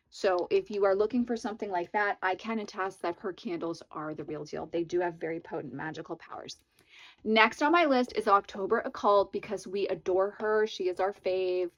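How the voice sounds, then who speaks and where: A woman with a mid-range voice runs a casual show-and-tell vlog as a tarot reader and channel host, enthusing over tarot decks and candles. She stretches out words for emphasis, and the audio is poor, with no room sound.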